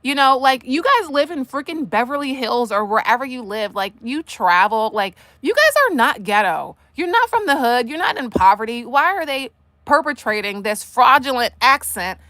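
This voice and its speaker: A woman hosting a casual commentary livestream, animated and sassy, tossing asides straight at the people she discusses. Her voice sits fairly high. The sound is dry and close, with no room around it. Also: moderate pace, no echo. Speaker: livestream host.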